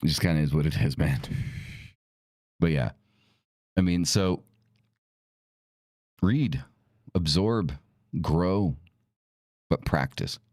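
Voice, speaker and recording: A man's voice: rumbling low, slow, pauses often, darkish tone, no echo. A man hosting a podcast, talking casually, blunt and profane with emphatic delivery. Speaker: podcast host. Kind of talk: casual talk.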